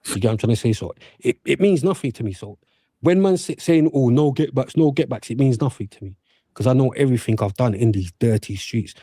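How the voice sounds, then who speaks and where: Brief: man, mellow tone, dry close sound, defiant and repetitive. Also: medium pitch, expressive, fast, breathy edge, dry recording. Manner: keeps asking "do you get what I'm saying", defiant. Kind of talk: casual response video.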